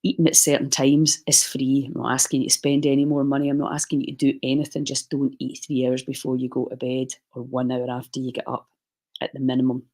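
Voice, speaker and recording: A man's voice: medium pitch, completely flat delivery, brisk, darkish tone, low-quality recording. A man leading a guided breathing session on a live stream, chatty and reassuring as he coaches.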